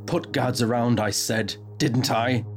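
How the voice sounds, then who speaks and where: A man's voice: slow pace, soft background music. A man voicing a panicking, bitter male spy who keeps repeating his reproaches. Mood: panicked. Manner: frantic, repeating reproaches in rising pitch.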